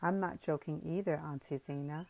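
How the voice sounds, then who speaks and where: A woman voicing a shy young village woman who speaks quietly and seriously in an audiobook. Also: low voice, normal speed, vocal fry. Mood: quiet, earnest.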